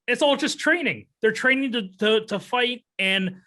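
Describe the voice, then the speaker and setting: A man co-hosting a casual film review podcast, animated and laughing often, his voice jumping high when excited. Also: unhurried. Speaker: podcast co-host.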